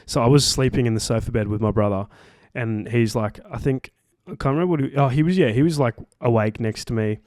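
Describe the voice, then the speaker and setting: A man's voice: medium pitch, fast talker, few pauses, a little mellow, dry recording, studio quality. A young Australian man co-hosting a podcast, telling a story in a rambling, casual way, swearing freely and filling gaps with "like" and "um". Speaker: podcast co-host.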